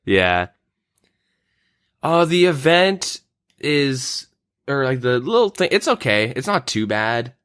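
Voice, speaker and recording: A young Canadian podcast host talks gaming in a relaxed, loose way, using many "like"s and "um"s. His medium-pitched voice has a clean tone, and he takes it slowly, pausing often. The recording is dry with clean studio sound.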